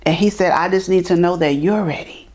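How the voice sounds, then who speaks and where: Middle-aged woman guest, animated storyteller, slightly low voice. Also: a little fast. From New York. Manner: animated, acts out quoted voices, repeats words. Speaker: interview guest. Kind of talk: storytelling in conversation.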